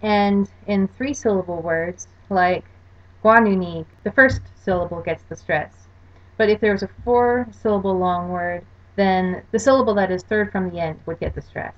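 Talking at an ordinary pace with a medium-pitched voice, a woman teaches a language lesson over slides, laying out the rules with care and spelling examples aloud. She's a language course lecturer, and the recording quality is dull and lo-fi.

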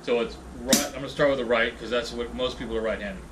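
A man teaching a casual drum lesson, counting sticking patterns aloud and rambling in a relaxed way between exercises. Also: medium pitch, quick pace, few pauses, very noisy. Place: room with a drum kit. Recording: distant mic, loud drums. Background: loud drum kit playing.

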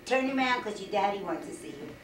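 A woman's voice: medium pitch, animated, quick pace. An older woman as a grandmother, coaxing a toddler with playful, repetitive baby talk at home. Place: family home room, indoors. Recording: echoey room, far from mic, faint hiss.

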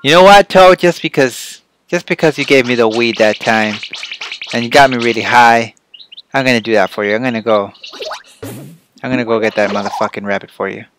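A man playing a platform game and commenting, often yelling and cursing at enemies, then calming down to chat with his viewers. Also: medium pitch, moderate pace, slight background noise. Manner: excitable, swearing, yelling at the game. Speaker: let's play host. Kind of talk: gameplay commentary.

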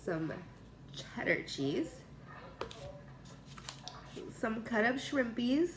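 A woman's voice: fairly high pitch, sing-song, drawn-out words, background noise. A young pregnant woman chatting casually to her camera while cooking in her home kitchen, rambling and laughing often. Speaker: cooking vlogger.

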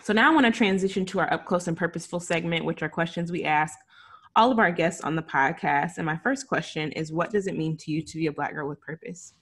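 A woman's voice: lowish voice, quick pace, a bit bright, husky. Chatty woman podcast host. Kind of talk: casual podcast conversation.

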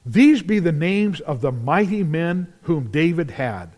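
A man preaching a sermon as pastor, telling Bible stories in an animated way and acting out the scenes. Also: fairly high pitch, measured pace. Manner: animated storytelling, acts out scenes, shouts at climaxes. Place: large church sanctuary. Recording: long church reverb.

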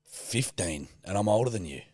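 A country Australian man co-hosting a podcast, blokey and sweary and quick with a pun. His voice sits on the low side, recorded dry and close to the mic. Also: animated, darkish tone, breathy edge, no room sound. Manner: blokey, swears a lot, cracks puns. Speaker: podcast co-host. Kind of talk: casual chat.

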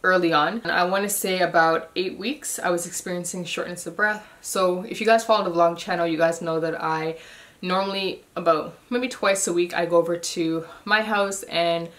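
A woman's voice: fairly low pitch, fairly even intonation, moderate pace, a bit bright. A young woman chatting casually in a pregnancy update vlog, a little short of breath, with loose talk and many ums. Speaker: vlogger.

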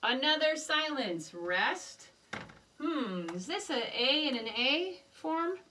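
A woman teaching a music lesson to young children, gently encouraging and chanting rhythm syllables in a sing-song voice. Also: sits high, sing-song, slow pace, recorded from a distance, a little hiss or hum.

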